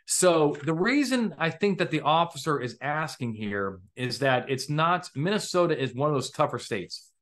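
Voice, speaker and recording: A man's voice: a little high, animated, normal speed, fairly bright tone. A man hosting a live online legal training for police officers, lecturing casually and quizzing his audience with questions.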